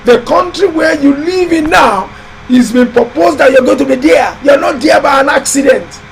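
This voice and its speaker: A man hosting a live building-advice show, talking in a loud, emphatic, exhorting way with lots of repetition. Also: extremely high pitch, normal speed, creaky, slight background noise, rough recording. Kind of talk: live-stream motivational talk.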